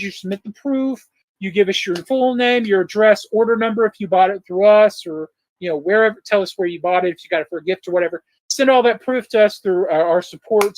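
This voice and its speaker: A man's voice: high-pitched, no echo, rough recording. Easygoing man in his thirties. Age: 30s. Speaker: guest. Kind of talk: casual livestream chat.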